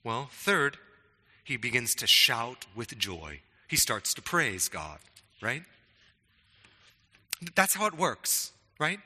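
A man's voice: medium pitch, big pitch swings, slow pace, pauses often, sharp tone, big-room sound. A middle-aged man preaching a sermon in a conversational way, often stammering on restarts and checking in with "right?". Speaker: pastor.

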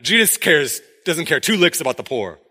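Here a man preaches with a fairly high voice that carries a breathy edge, moving at a moderate pace. He's a pastor who keeps things conversational and animated, acting out quotations from the story.

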